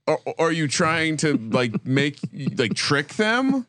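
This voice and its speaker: A man's voice: on the high side, very animated, slow pace, a bit bright, no echo, studio quality. A man co-hosting a sports podcast, riffing emphatically and swearing freely. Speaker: podcast co-host. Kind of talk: casual sports chat.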